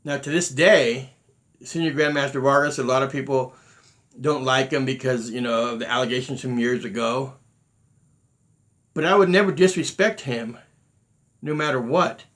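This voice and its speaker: A man's voice: mid-range voice, normal speed, long pauses, a bit bright. A middle-aged man, a martial arts grandmaster, telling stories in earnest with many restarts and quoted exchanges. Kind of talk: unscripted talk to students.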